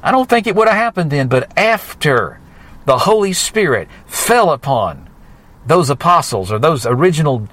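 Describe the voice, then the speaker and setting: Fervent preacher man, lively pitch. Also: normal speed. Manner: fervent, building excitement with rising emphasis. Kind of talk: sermon.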